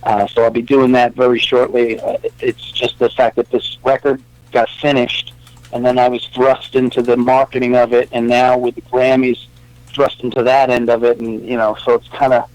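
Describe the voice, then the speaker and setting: A man's voice: medium pitch, flat delivery, normal speed, darkish tone, no room sound, rough recording. Talkative man with a New York accent. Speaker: musician guest. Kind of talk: casual interview chat.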